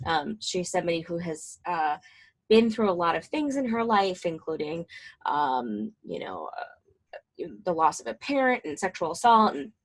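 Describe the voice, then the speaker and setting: A woman's voice: fairly low pitch, big pitch swings, moderate pace. A woman in her twenties, a mental health counselor, giving a casual, chatty talk to fellow professionals with plenty of fillers and asides. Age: 20s.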